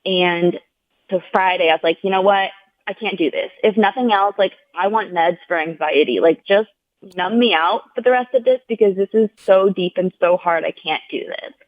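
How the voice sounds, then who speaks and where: A woman's voice: medium pitch, normal speed, no room sound. Woman guest, earnest storyteller, lots of "like"s, acts out quotes. Tinny, dry phone-line sound. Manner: earnest, heartfelt retelling, heavy use of "like"; acts out the people she quotes in raised voices. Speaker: podcast guest. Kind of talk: personal storytelling in a conversational interview.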